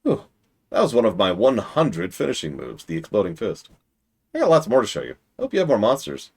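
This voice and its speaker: Brash warrior, bragging and mocking, husky and lively, as a streamer reads him. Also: male voice, mid-range voice, brisk, full character voice. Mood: cocky. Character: boastful male warrior, brash and cocky. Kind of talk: reading game dialogue aloud in character.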